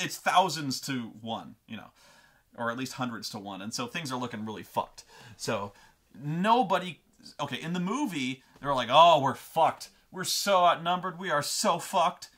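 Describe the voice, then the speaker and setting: A man's voice: medium pitch, a bit bright. A man hosting a show, telling a long, profane, rambling rant full of tangents. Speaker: host. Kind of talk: comedic rant.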